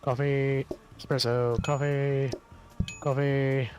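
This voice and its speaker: A man's voice: medium pitch, little pitch movement, takes it slowly, dull audio, music in the background. A man streaming a game, calling out orders aloud in casual commentary and swearing when things get close. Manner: rattles off orders aloud, swears under pressure.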